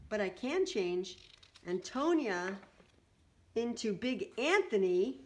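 A woman's voice: mid-range voice, big pitch swings, slow pace, slight background noise. A woman voicing a clever, sensible young woman apprentice who speaks in an earnest, cautioning way in a read-aloud storybook.

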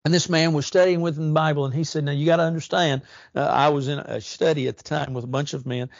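This preacher's church sermon is earnest, with slow drawn-out stresses and lifts in his voice for emphasis, though his intonation stays fairly even overall. His gravelly voice is slightly high, recorded close and dry with no echo and a somewhat muffled, dull quality.

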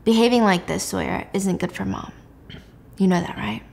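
Woman playing a cold, quietly threatening father. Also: mid-range voice, moderate pace, vocal fry, a little hiss or hum. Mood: menacing. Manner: calm, formal, quietly threatening. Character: cold controlling father, a doctor.

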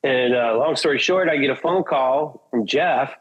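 In a slightly rough, medium-pitched voice at normal speed, a male guest who sings in a metal band shares rambling, profane stories and imitates what others said. He's from Portland, Oregon, and the recording has its highs cut off.

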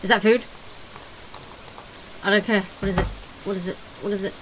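A woman's voice: medium pitch, level tone, fast talker, background noise. A woman giving casual let's-play commentary, comically dramatic and given to whiny pleading. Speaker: video game player.

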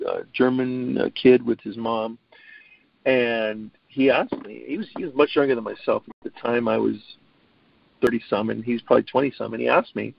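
A man's voice: mid-range voice, gravelly, no room sound. A middle-aged man talking as a guest on an interview show, earnest, often repeating his first words before he gets going. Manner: earnest, repeats words when starting sentences. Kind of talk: casual interview talk. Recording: dull, lo-fi audio.

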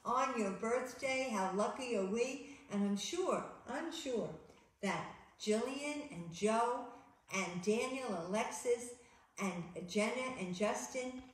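A woman reading a children's picture book aloud in an animated, sing-song way. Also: on the high side, takes it slowly. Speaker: children's storyteller. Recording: echoey room.

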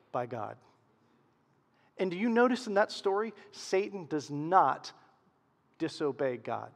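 A man preaches to his congregation, his voice sitting fairly high. He presses key words loudly, then drops into quiet, hushed passages. The sound carries the long reverb of a church hall. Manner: expressive preaching, swings from loud emphasis to hushed lows. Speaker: pastor. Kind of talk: sermon.

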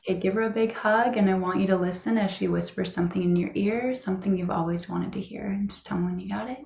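A woman practitioner guiding a tapping session, calmly giving phrases to repeat. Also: mid-range voice, quick pace, creaky, roomy sound, a little hiss or hum. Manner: calm coaching, gives phrases to repeat. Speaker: EFT practitioner.

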